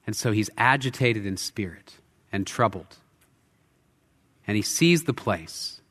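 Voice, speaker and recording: A man's voice: lowish voice, lively intonation, measured pace, slightly rough. Man preaching in an echoing church. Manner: earnest, rising to intense emphasis and dropping to quiet. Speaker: pastor. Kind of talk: sermon. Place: church sanctuary. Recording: long hall reverb.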